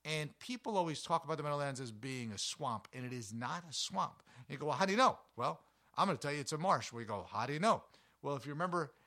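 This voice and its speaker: A man hosting his own show, from New Jersey, telling outdoor stories in a casual, animated way with jokes and plenty of ums. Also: on the low side. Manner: animated, jokey, fillers and self-corrections. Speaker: show host. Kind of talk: casual storytelling monologue.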